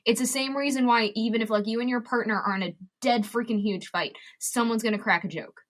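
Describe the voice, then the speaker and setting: A woman's voice: fairly high pitch, steady tone, a little fast. A woman comedian and advocate, a podcast guest who talks bluntly and emphatically with lots of swearing. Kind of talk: candid podcast interview.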